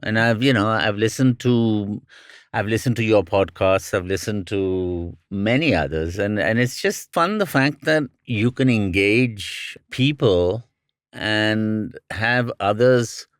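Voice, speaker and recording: A middle-aged man with a lowish voice hosts a casual podcast conversation. He rambles a little, restarts his sentences and laughs easily. The sound is close and dry, with no room around it. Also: slow pace, clean tone, no echo. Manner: relaxed, rambling, laughs often, with many restarts. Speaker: podcast host. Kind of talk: casual interview chat.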